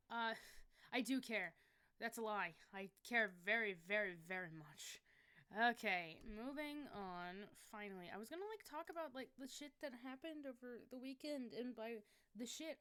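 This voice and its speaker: Bright, excitable woman streaming. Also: medium pitch, smooth. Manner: excitable, swears freely, yelps when frustrated. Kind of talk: casual livestream chat.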